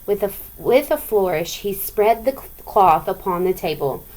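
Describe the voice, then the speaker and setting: A woman's voice: mid-range voice, lively intonation, normal speed, a little mellow, poor audio. Woman teacher reading a story aloud. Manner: chatty, asks the listeners questions.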